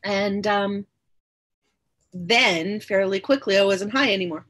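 A woman's voice: mid-range voice, slow pace, fairly bright tone. A woman guest on a podcast, telling her own story candidly and earnestly, often repeating her phrases for emphasis. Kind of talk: personal storytelling in conversation.

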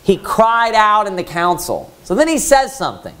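Male preacher, Baptist sermon, high voice, lively melody, rhetorical questions. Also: normal speed, clean tone. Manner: animated storytelling with rhetorical questions. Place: church.

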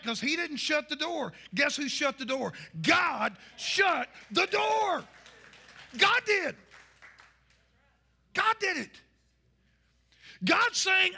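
A male pastor, preaching a fiery sermon and shouting his points. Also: very high voice, animated, slow, vocal fry, long pauses.

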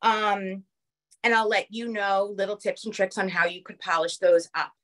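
A woman with a New York accent teaching a live online craft class over a phone camera, chatty and quick, checking in with the viewers often. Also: mid-range voice, little pitch movement, a bit bright. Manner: fast-talking, chatty, keeps checking in with "okay?". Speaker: craft instructor.

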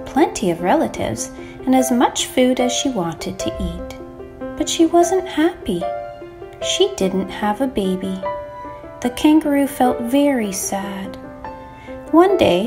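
A woman teacher reading a children's picture book aloud, expressive and animated. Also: a little high. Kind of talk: children's storybook read-aloud.

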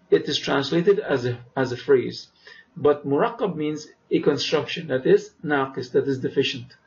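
A man teaching vocabulary, who says each word slowly twice, explains it, and often checks with "right?". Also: on the high side. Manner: asks "right?" to check understanding. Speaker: Arabic teacher. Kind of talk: vocabulary lesson. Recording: dull lo-fi recording.

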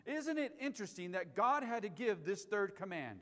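A man's voice: high-pitched, very animated, normal speed, fairly bright tone. A man preaching a sermon as pastor, emphatic, repeating key lines and asking the congregation questions. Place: church sanctuary. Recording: live stream with long hall reverb.

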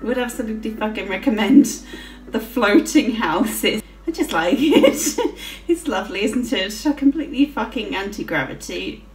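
A woman's voice: mid-range voice, lively intonation, normal speed, far from the mic. A woman giving casual gameplay commentary, swearing freely and giggling often as she plays. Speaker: gaming channel host. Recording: roomy with faint music.

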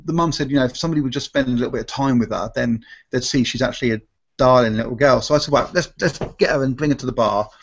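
Male performer, chatty storyteller who trips over his words; muffled stream sound. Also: mid-range voice. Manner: rambling, self-correcting, acts out quoted voices. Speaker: restaurant magician and comedy performer. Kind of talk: casual live Q&A storytelling. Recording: dull lo-fi stream audio.

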